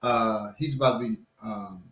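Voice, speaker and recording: Bright-voiced man telling stories. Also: fairly low pitch, normal speed, reverberant. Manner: animated storyteller, mimics voices. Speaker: podcast co-host. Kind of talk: casual panel chat.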